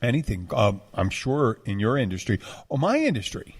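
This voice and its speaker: A man's voice: mid-range voice, big pitch swings, normal speed, breathy edge. A man, hosting a podcast in rambling, digressive casual talk. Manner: rambling, digressive, full of restarts. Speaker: podcast host. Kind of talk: casual chat.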